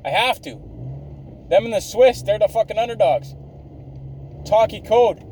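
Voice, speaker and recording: A high-voiced man in his thirties rants through a solo podcast, swearing at every turn and mocking himself. His tone is dark and mellow. Faint traffic noise hums behind him. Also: lively intonation, unhurried, poor audio. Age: 30s. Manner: ranting, swears constantly, self-mocking. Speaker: podcast host. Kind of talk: profane rambling monologue.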